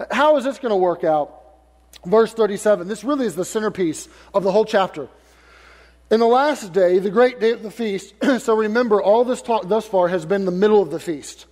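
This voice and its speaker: A male pastor preaches in a large hall, reading King James verses aloud and then paraphrasing them in casual, modern everyday words. His voice sits high with a darkish tone.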